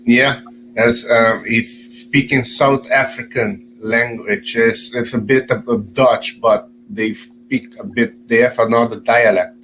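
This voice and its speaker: A man's voice: medium pitch, fairly even intonation, a little slow, fairly bright tone, rough recording. Casual male chatter reading viewer comments, faint background hum. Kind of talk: casual chat. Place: Caribbean.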